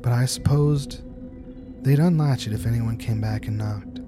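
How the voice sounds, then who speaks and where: Brief: male horror narrator, measured and tense, mid-pitched voice, music bed behind. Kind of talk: scripted horror story narration.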